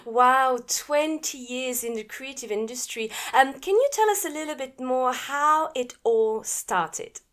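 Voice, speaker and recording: Bright French-accented woman host. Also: high-pitched, lively intonation, unhurried, hardly any pauses. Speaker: podcast host. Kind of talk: podcast host reading promos and interviewing.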